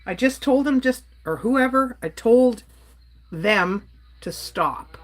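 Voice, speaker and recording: A woman's voice: fairly high pitch, lively intonation, slow. A woman from Canada ranting on a casual livestream, exasperated and blunt while she reads and answers her chat. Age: adult.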